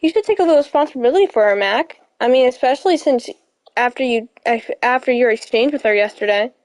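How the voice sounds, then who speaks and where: A woman's voice: a little high, expressive, fast, dry recording, lightly acted. A woman reading the lines of a cheerful teenage girl club president from a visual novel, in a teasing, lightly scolding way. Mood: chiding.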